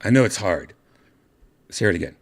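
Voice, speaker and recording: Male host, middle-aged, low voice, animated casual storyteller. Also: fairly quick. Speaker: podcast host.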